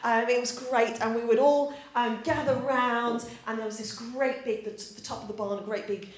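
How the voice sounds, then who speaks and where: A woman's voice: on the high side, steady tone, moderate pace. A woman in her forties from Yorkshire, preaching a chatty, story-filled sermon and quizzing her congregation. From Yorkshire, England. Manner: chatty, anecdotal, asks the congregation questions. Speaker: pastor. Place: church. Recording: echoey church room.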